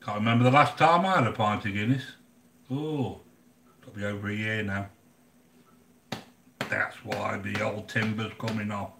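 A man's voice: on the low side, fairly even intonation, normal speed, long pauses, sharp tone, roomy sound, slight background noise. An older English man hosting a live cooking channel, chatting casually and bluntly with viewers, grumbling and joking as he goes. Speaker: livestream cooking channel host.

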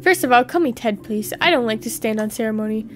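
A woman voicing a weary, polite male patient in a game, speaking low, quiet and matter-of-fact. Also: expressive, fast, natural voice.

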